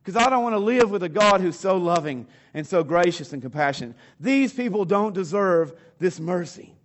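A man's voice: high-pitched, expressive, normal speed. A man voicing a cranky, overdramatic prophet who whines in exasperation. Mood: exasperated. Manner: whiny, exasperated, theatrical. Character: cranky overdramatic male prophet, adult, sulking.

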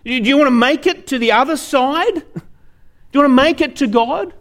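A preacher voicing a calm smiling rescuer. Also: male voice, extremely high pitch, normal speed, pitched above the performer's own voice. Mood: gentle. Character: calm smiling rescuer man, soaking wet.

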